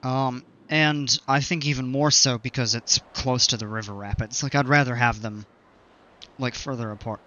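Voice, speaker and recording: A man's voice: medium pitch, fairly even intonation, normal speed, bright, forceful tone, dull audio. A man giving casual gameplay commentary, rambling and self-mocking with many fillers. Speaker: game channel host.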